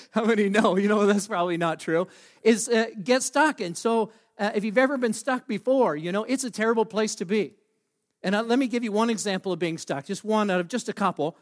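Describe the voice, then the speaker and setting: High-voiced, joking storytelling preacher. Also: male voice. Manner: self-deprecating, joking, halting with fillers. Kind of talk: humorous storytelling sermon.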